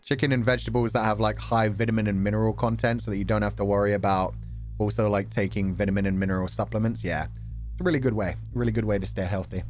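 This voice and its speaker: A man's voice: fairly low pitch, fairly even intonation, fast, a little mellow, soft background music. A man streamer in a casual chat, reading out donation messages, playful with words and swearing casually.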